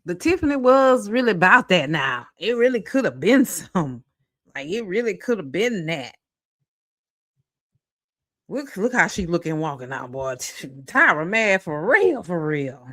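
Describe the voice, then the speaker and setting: A woman commentator speaks at an unhurried pace, animated and full of exclamations. Her voice is dry and close to the mic, and she addresses her viewers directly in casual reaction chat. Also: lowish voice, no echo.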